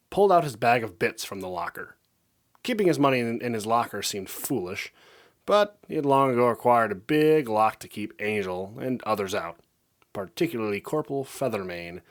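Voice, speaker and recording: Man narrating fan fiction; low, animated, expressive storyteller. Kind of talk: reading fan fiction aloud.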